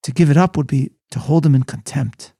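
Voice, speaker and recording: A man's voice: a little high, fairly quick, vocal fry, mellow, breathy edge, no echo, studio quality. A man voicing a devout young Scottish runner in a put-on Scottish accent, earnest and reverent.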